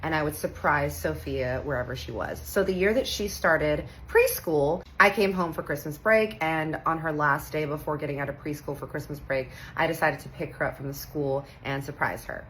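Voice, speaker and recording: A woman in her thirties from Texas, telling a funny personal story in a casual, animated way, acting out the voices and swearing playfully. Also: low voice, moderate pace, hardly any pauses, a little hiss or hum, low-quality recording. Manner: animated, acts out quoted voices, playful cursing.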